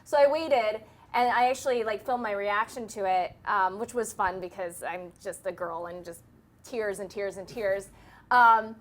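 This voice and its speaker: A woman's voice: mid-range voice, moderate pace. A woman co-hosting a casual panel chat, chatty and enthusiastic. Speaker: co-host.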